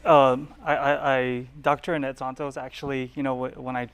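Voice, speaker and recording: A young man answering interview questions in a TV studio, halting and restarting as he talks. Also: medium pitch, little pitch movement, fairly bright tone, clean tone. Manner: halting, laughs at himself. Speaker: guest, political candidate.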